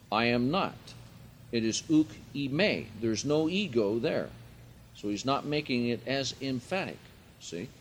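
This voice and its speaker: A man delivers a sermon, reading scripture aloud and explaining Greek words, his pitch and volume climbing when he wants emphasis. A little hiss or hum can be heard in the recording.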